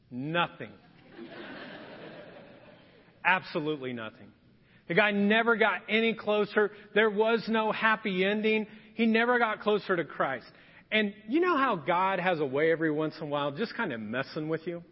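A man preaches from a church sanctuary, his voice sitting high. He tells stories with animation and slips into other people's voices to act out scenes. The sound is dull and lo-fi, with a long hall echo trailing each phrase. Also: animated, normal speed. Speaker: pastor. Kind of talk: humorous storytelling sermon.

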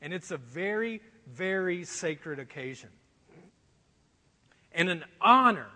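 A man preaching a sermon in an animated, joking way, acting out quotes as he goes. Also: high-pitched, takes it slowly. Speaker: pastor. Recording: long reverb of a large hall.

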